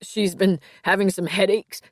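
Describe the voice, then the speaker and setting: A woman's voice: mid-range voice, steady tone, normal speed, no echo, clean studio sound, close to an everyday voice. A woman voicing a seventeen-year-old boy who stammers and speaks frantically. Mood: panicked.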